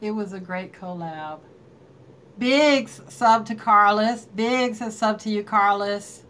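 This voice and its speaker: A woman's voice: medium pitch, slow, a bit bright. A woman hosting a casual live stream, chatting and greeting viewers by name and laughing often. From North Carolina.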